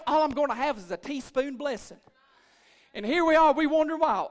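A male pastor preaching a sermon in church, building from low murmurs to shouted, rhythmic repetitions. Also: moderate pace.

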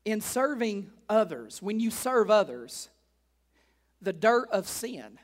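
A man with a rather high-pitched voice preaches to his congregation in church. He repeats his main points and asks the room question after question. His delivery moves between quiet, conversational asides and loud, emphatic calls. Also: sing-song, takes it slowly. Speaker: pastor. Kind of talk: sermon.

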